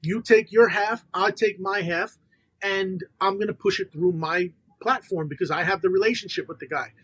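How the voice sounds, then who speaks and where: A man's voice: high-pitched, normal speed, breathy edge, poor audio. A man, a podcast guest and funder, telling business stories in casual conversation and acting out the people he quotes. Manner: animated storyteller quoting others in dialogue. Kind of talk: casual storytelling interview.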